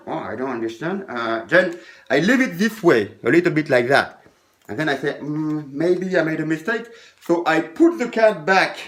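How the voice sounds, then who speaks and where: Animated man explaining a card trick. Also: on the high side. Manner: demonstrates step by step, acts out patter to spectators. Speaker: magician teaching a card trick. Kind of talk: casual tutorial explanation. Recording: echoey room.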